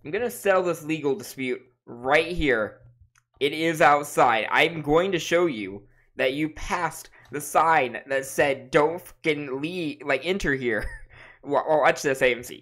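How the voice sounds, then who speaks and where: A low-voiced woman chatting through a live game stream. Her pitch leaps around animatedly as she teases viewers and breaks into laughter between lines. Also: lively intonation, measured pace, fairly bright tone. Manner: playful, laughs often, teases chat. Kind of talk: casual live gameplay commentary.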